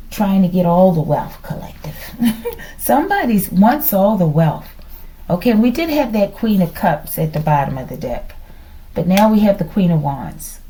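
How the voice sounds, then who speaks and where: A woman's voice: mid-range voice, warm tone, low-quality recording. Hyperactive woman musing through a tarot reading. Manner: hyperactive, musing aloud, keeps saying "collective". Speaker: tarot reader.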